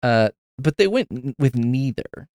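A man's voice: medium pitch, expressive, a little slow, a little mellow, no echo, studio quality. A man hosting a podcast, giving a rambling, profane, wry casual review of a film. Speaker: podcast host.

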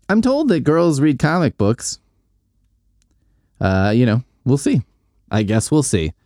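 A man in a dry, close podcast recording recaps comics in a loose, profane, joking ramble. His timbre is mellow and dark, but his pitch swings widely as he riffs. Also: no room sound. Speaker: podcast host. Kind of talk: casual comic book recap chat.

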